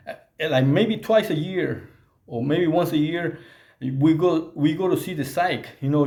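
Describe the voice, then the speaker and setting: Guy telling his prison story, stops and restarts a lot, throws in spanish slang, gravelly voice, roomy echo. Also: a little high, a little mellow. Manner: halting, many restarts and stammered repeats; mixes in Spanish slang words. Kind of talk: casual storytelling to camera.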